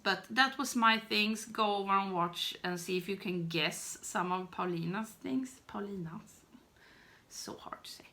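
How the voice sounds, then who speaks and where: Slow-talking woman, bright voice. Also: mid-range voice. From Sweden. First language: Swedish. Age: 30s. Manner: rambling, self-deprecating, giggly. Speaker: beauty YouTuber. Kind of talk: casual chat to camera.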